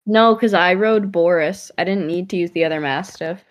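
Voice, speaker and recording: A woman's voice: lowish voice, normal speed. Giggly woman playing a tabletop game. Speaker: player. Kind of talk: casual tabletop game chat.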